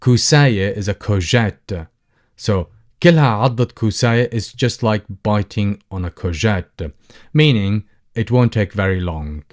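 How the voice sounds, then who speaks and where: A man teaching a language lesson, repeating each phrase slowly and deliberately. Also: fairly low pitch, darkish tone. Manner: slow, deliberate repetition of phrases.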